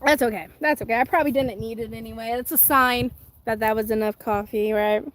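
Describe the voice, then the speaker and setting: High-voiced chatty woman livestreaming. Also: fairly even intonation, a little fast, a bit bright. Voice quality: chatty, giggly, self-deprecating. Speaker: livestream host. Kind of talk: casual live chat, reading comments. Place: outdoors.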